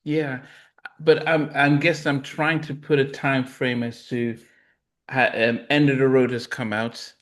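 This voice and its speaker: A man hosts a casual interview in a medium-pitched voice. He keeps his questions relaxed and checks dates and details as he goes. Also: a little slow. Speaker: interview host.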